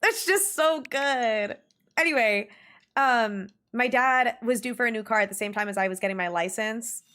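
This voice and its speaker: A young woman in her twenties streaming, chatting casually with viewers in a bubbly, giggly way, her pitch jumping up often. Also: animated, moderate pace, sharp tone. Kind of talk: casual livestream chat reading viewer messages. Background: faint music.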